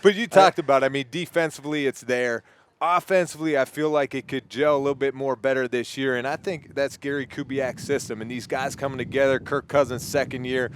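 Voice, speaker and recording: A man's voice: medium pitch, fairly even intonation, fairly quick, clear, resonant tone. A man co-hosting a sports radio show, easygoing and telling stories from his playing days. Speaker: radio co-host, former quarterback. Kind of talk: radio interview.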